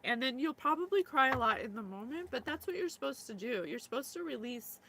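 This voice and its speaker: Emotional psychic woman, slightly high voice. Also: lively intonation, brisk, noisy background. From former Yugoslavia. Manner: emotional, laughs and tears up, many fillers. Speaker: psychic reading host. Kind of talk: casual spiritual reading talk.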